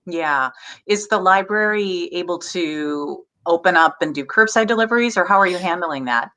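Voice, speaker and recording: Brief: book club host, woman, Minnesota accent, bright voice, giggly and encouraging. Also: fairly low pitch, normal speed. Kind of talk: casual chat.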